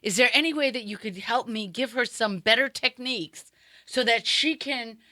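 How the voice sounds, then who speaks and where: Bright-voiced woman telling a bawdy story. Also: fairly high pitch, moderate pace, no room sound, studio quality. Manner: laughs often, acts out quoted people. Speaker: comedy podcast host. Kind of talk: casual storytelling chat.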